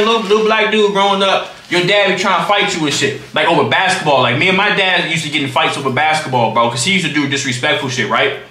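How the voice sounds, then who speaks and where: A young man on a livestream tells a story in an animated way, swearing freely and using lots of slang. His voice sits high and sounds bright. The room has a noticeable echo, with faint noise underneath. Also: fast talker, hardly any pauses. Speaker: streamer.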